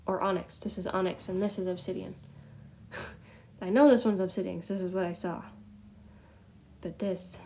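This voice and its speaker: A woman's voice: fairly low pitch, fairly even intonation, normal speed, creaky, long pauses, mellow. A middle-aged woman hosting a casual live class on crystals, talking in a chatty, scattered way with frequent laughs and muttered asides. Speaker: spiritual class host.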